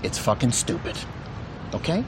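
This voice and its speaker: A man's voice: normal speed, background noise, lightly acted. An actor playing a blunt, exasperated male studio executive who swears and talks impatiently in a film scene. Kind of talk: film dialogue.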